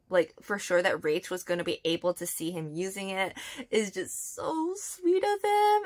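A young woman vlogging, retelling a story in a chatty, animated way with lots of fillers. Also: on the low side. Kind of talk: casual storytime vlog.

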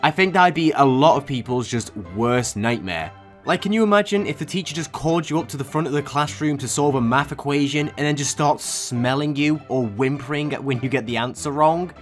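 A man's voice: a little high, a little fast, soft background music. A young man hosting a comedic reaction video, incredulous and sarcastic, breaking into laughter often. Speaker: YouTube reaction host.

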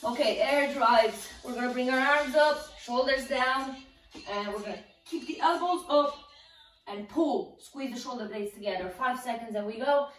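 A woman's voice: high-pitched, normal speed, a bit bright, echoey room, far from the mic, faint music behind, rough recording. A woman fitness instructor coaching a home workout, encouraging and counting down while exercising along, a little out of breath.

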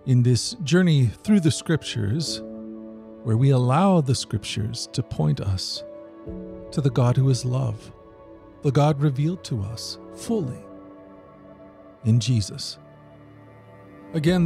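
A man hosting a daily podcast, reading scripture aloud in a steady, earnest voice. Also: medium pitch, creaky. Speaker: host and Bible reader.

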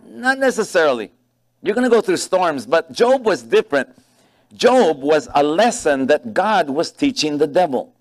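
At normal speed, a man with a fairly high-pitched voice gives a sermon as a pastor. Animated stories fill it, with key phrases stressed and dialogue acted out in voices.

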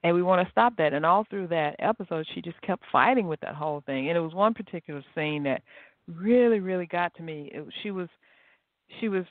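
A woman's voice: fairly low pitch, fairly quick, no echo. A woman hosts a solo motivational talk, chatting freely and telling stories with animation. Her voice comes through a narrow, tinny phone-like line. There is no room sound around it at all. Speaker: podcast host.

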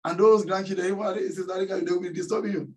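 Nigerian pastor preaching, call-and-response. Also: male voice, high voice, fairly even intonation, rapid-fire, a little mellow. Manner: call-and-response questions to the congregation. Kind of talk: sermon. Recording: voice somewhat distant from the mic.

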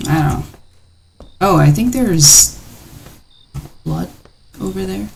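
Woman streamer playing a scary game, slightly low voice, jumpy and joking around. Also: lively intonation, takes it slowly, gravelly, a little mellow, slight background noise. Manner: playful, jittery reactions. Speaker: gaming channel host. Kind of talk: let's play commentary.

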